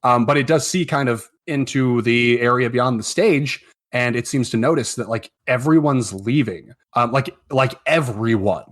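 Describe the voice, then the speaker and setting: A man's voice: medium pitch, normal speed, hardly any pauses. A man running a tabletop game as game master, narrating loosely with many fillers.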